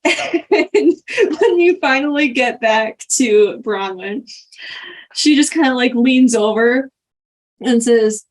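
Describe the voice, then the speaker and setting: A woman narrating as game master in a tabletop role-play, relaxed with frequent fillers. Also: fairly high pitch, slow.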